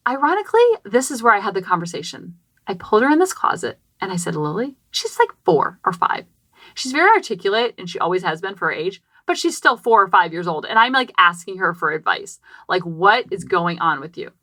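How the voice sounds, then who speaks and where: A woman in her thirties hosting a parenting podcast from a small closet, telling a personal story in an animated, chatty way and acting out quotes, with many "like" fillers. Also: medium pitch, brisk, no echo. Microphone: podcast microphone.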